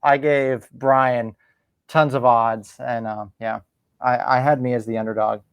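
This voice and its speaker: A man's voice: medium pitch, fairly even intonation, unhurried, smooth, no echo. Joking man playing a quiz. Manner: joking, self-deprecating. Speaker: podcast host, contestant. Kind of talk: casual game chat.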